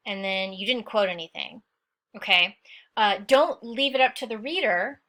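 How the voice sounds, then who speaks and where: In a sharp, medium-pitched voice at a normal pace, a woman teacher explains the quotes and analysis in an essay of her own. Her lesson is instructive and dotted with "okay?" check-ins, and she takes a stern line on lazy writing.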